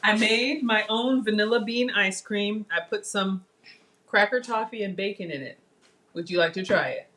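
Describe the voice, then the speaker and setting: A woman's voice: medium pitch, moderate pace, sharp tone. Woman, live cooking vlogger, chatty and casual, says y'all a lot. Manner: chatty, addresses viewers as y'all, savoring food.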